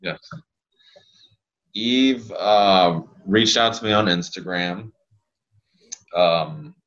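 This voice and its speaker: A man's voice: low-pitched, drawn-out words, fairly bright tone, dull audio. A man in his thirties from Louisiana, a physical therapist guest telling rambling stories in casual podcast chat. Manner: rambling, laid-back storyteller.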